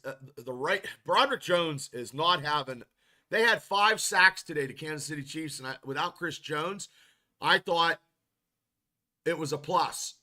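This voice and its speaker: A man's voice: on the high side, sharp tone. A man hosting a casual football podcast, rambling and frustrated, with many restarts as he reads chat comments. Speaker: podcast host.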